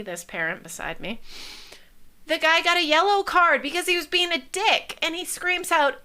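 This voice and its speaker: A woman's voice: very high-pitched, normal speed. A woman guest in a casual podcast chat, telling blunt, sweary stories. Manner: blunt, swears freely, animated storytelling.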